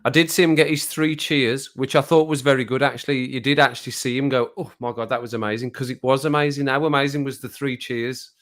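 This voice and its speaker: A man talks loosely to his live stream viewers from a sunny room at home. His voice sits at an ordinary middle pitch. He rambles from one thing to the next and laughs at himself often. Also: steady tone, fairly quick, hardly any pauses, fairly bright tone. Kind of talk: casual chat on a live stream. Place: home room with sun on the window.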